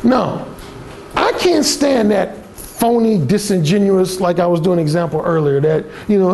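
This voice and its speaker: A man's voice: sits high, lively intonation, moderate pace, gravelly, a little mellow, slight background noise. A man who is a dating coach, giving a blunt and profane storytelling talk to a live audience at a seminar.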